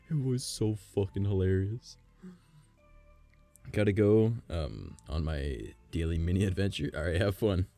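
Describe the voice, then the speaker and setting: A man's voice: sits low, measured pace, warm tone. A man streaming casually, rambling and swearing with a strained, worn voice, faint music behind him. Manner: rambling, profane, laughs often. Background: faint background music.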